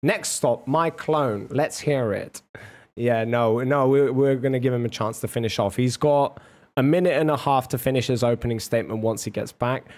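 Hosting a livestreamed debate, this man talks at an ordinary speed in a mid-range voice with a dark tint. His chat is loose and casual, full of profanity, laughs and meandering banter.

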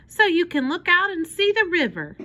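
A woman's voice: extremely high pitch, big pitch swings, normal speed, bright, forceful tone, pitched above the performer's own voice, exaggerated voice. A woman reading aloud as an earnest, brave little girl in a storybook. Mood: grave. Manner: earnest, pleading.

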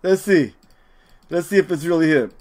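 A man's voice: a little high, normal speed, darkish tone. A young man streaming a video game, chatting casually to his viewers and saying "dude" and "man" all the time. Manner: laid-back, talks to chat, says "dude" and "man" constantly.

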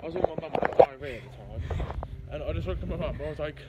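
A man's voice: fairly high pitch, very fast, heavy background noise. A young man bantering and joking playfully with his girlfriend on a walk. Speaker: vlogger's boyfriend. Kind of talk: casual banter. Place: outdoors on a walk.

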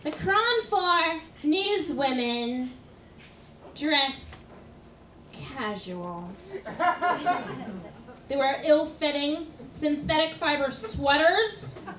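A woman performing stand-up comedy, her high voice unhurried and deadpan, breaking now and then into sudden loud outbursts. She is heard from a little distance in a roomy club. Audience laughter and faint noise sit behind her. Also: some chatter behind. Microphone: stage microphone.

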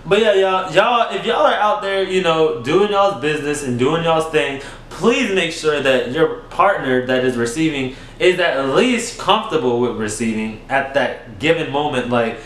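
A young man telling a storytime vlog story in a casual, animated way, swinging up high for emphasis and talking straight to his viewers. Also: moderate pace, few pauses. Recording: echoey room.

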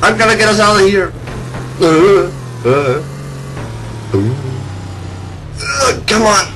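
An excitable young man talks through his gameplay, his pitch leaping around as he yells and laughs. He speaks slowly and drawn out between outbursts. Loud game noise fills the background. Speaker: gameplay commentator. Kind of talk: casual gameplay commentary. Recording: noisy game sounds behind. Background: game vehicle and battle noise.

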